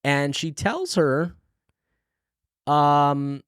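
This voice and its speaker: Slow, laid-back male podcast co-host. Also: on the high side, big pitch swings, clean tone, no echo, studio quality. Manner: laid-back, full of fillers and restarts, quick to laugh. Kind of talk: casual book discussion chat.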